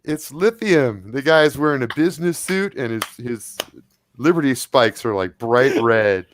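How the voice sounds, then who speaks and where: A man narrating as game master of a tabletop role-playing game in a relaxed way, with filler words. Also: medium pitch, unhurried, slight background noise.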